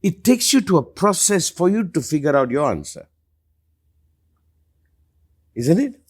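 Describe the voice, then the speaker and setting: A man's voice: a little slow, husky. A middle-aged man speaking as a spiritual teacher in a live question-and-answer talk, emphatic and passionate. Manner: emphatic, passionate, lively swings in pitch and loudness.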